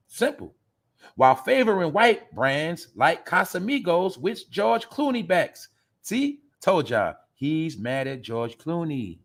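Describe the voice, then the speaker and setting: A man's voice: fairly high pitch, a bit bright. A man hosting an opinionated live-stream commentary, ranting and talking straight to his chat. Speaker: commentary show host.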